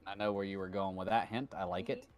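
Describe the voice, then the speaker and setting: A man's voice: deep voice, quick pace, no echo, soft background music. A man hosting a trivia stream in casual, joking chat, telling stories and slipping into playful put-on accents. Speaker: trivia host.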